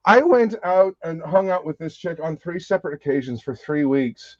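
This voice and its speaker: Hosting a casual live chat, a man with a slightly high, darkish voice talks briskly, spinning rambling, profane stories and laughing often. The sound is dull, dry, and lo-fi.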